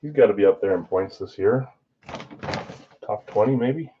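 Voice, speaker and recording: A man's voice: lowish voice, normal speed, lo-fi sound, a little hiss or hum. A man hosting a live sports card break stream, chatting casually with viewers while he opens packs.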